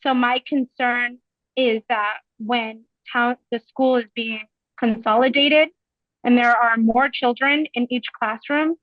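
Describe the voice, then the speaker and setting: A woman's voice: a little high, steady tone, unhurried, dry recording, phone-quality sound. A woman asking questions during public comment at a community meeting, nervous, with a shaky voice.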